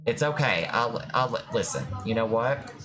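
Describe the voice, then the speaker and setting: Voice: mid-range voice, expressive, unhurried. Affectionate streamer doing tarot readings, music behind. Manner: affectionate, reassuring, calls viewers "my love". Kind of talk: casual live-stream chat.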